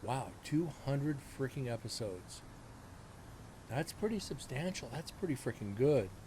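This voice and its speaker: A man's voice: medium pitch, unhurried. Self-mocking forty-something male stream host. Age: 40s. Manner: rambling, self-mocking, talks to chat directly. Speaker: host of a live-streamed paranormal show. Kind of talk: casual live-stream chat. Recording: steady background noise.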